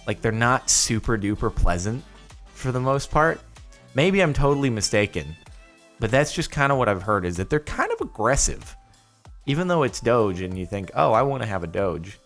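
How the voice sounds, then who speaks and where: A man of middle pitch chats through a casual reaction video, laughing often. Faint music plays behind him. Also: very animated, normal speed, fairly bright tone. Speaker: YouTube host.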